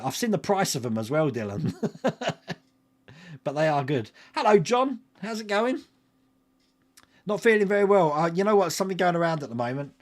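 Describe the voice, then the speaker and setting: A man, hosting a casual livestream and chatting with viewers by name, laughing often. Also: a little high. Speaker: livestream host. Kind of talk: casual live chat reading viewer comments.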